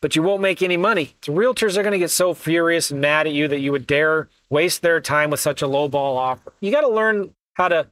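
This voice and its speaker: A man gives an upbeat investing lesson in a fairly high voice, hammering his points home again and again. He talks straight to his listeners, and the recording is close and dry with no room sound. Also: brisk, hardly any pauses, a bit bright, no echo. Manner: emphatic, repetitive, talks straight to the audience. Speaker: real estate investing coach. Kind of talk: motivational teaching talk.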